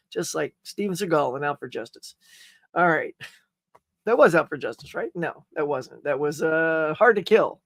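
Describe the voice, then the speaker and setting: A man's voice: fairly high pitch, lively intonation, moderate pace, creaky, a bit bright, dry recording, studio quality. A man hosting a live morning pop-culture stream, rambling casually, joking and reading viewer comments aloud.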